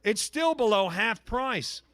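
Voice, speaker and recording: A man working as a charity auctioneer, calling bids in lively patter and teasing bidders by name with jokes. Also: high-pitched, takes it slowly.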